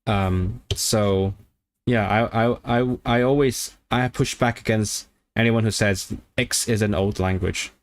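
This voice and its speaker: Man, casual livestream chat, slightly low pitch, excitable, thinks out loud. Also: no room sound. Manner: chatty and excitable, quick bursts of enthusiasm; thinks aloud with many fillers and restarts. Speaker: language-learning streamer.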